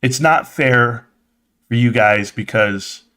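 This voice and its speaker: A man hosting a live stream in casual, excitable chat, talking straight to his viewers and swearing now and then. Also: medium pitch, takes it slowly, smooth. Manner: excitable, swears casually, acts out quoted voices.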